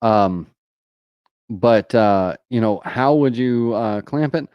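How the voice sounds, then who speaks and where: A man's voice: medium pitch, slow pace, smooth, dry recording, dull audio. A man with a Southern US accent hosting a live question-and-answer tutorial, talking casually with many fillers like "uh" and "you know". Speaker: host answering viewer questions.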